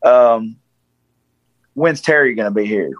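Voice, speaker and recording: A man's voice: mid-range voice, slow pace, no room sound, low-quality recording. A man in his forties from Tennessee with a Southern accent, telling a story in casual chat and acting out the voices he quotes. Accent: Southern American. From Tennessee, USA.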